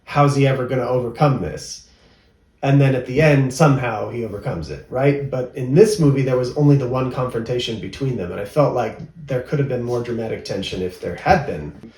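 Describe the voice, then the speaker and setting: A man's voice: medium pitch, fairly quick, mellow. A man co-hosting a casual movie review, chatty and rambling, often laughing. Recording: roomy, mic at a distance.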